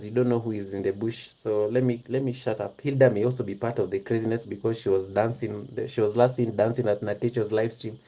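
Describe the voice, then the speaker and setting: Giggly hushed live-streamer, mellow voice. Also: mid-range voice. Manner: hushed half-whisper, giggly, chatty; talks straight to viewers in the chat. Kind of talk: casual live-stream chat.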